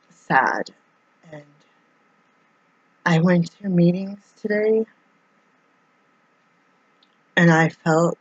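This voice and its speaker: A woman's voice: low voice, darkish tone, breathy edge. A woman talking through a personal confessional monologue as a vlogger. She rambles and hesitates, restarting her sentences often. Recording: dull, dry lo-fi recording.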